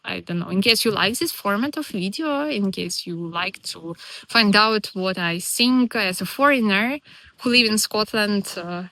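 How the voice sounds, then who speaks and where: A woman vlogs straight to camera in a casual, chatty way, earnest and enthusiastic. Her English has non-native phrasing. Her voice is bright and clear, and the recording is dry and close. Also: medium pitch, no echo. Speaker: vlogger living in Scotland as a foreigner.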